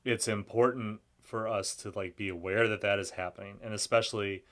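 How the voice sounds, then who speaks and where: Male guest, lowish voice, hesitant and stop-start, political chat. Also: steady tone, a bit bright. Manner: halting, frequent restarts and stammered repeats. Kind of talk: conversational political discussion.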